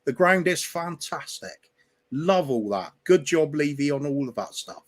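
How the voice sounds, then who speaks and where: A man co-hosting a live football fan show, giving measured, opinionated analysis. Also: fairly high pitch, animated. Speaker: co-host. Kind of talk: casual fan chat.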